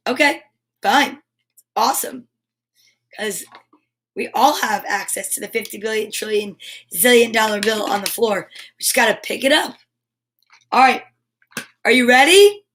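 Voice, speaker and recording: A woman hosting a live storytime stream, chatting in a bubbly, animated way straight to her viewers. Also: a little high, measured pace, long pauses. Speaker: host of a live storytime show.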